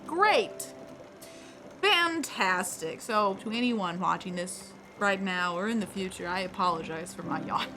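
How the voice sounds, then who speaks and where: A woman's voice: mid-range voice, animated, unhurried, pushed and bright. A woman streaming a game live, chatting with viewers in a playful, rambling, self-deprecating way. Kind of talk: casual live gameplay commentary. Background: game music.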